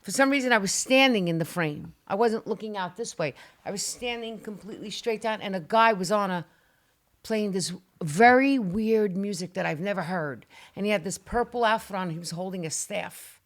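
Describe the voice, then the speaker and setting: A middle-aged woman appears as a guest on a talk show, animatedly telling a dramatic personal story and swearing now and then. Her voice is medium-pitched, and she speaks at a moderate pace in a casual storytelling manner.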